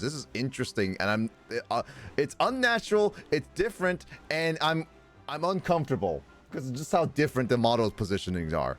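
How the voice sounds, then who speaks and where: Young man, streamer commentary, animated pitch, chatty, faint background music. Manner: chatty, rambling, reads game text aloud. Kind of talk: casual let's-play commentary.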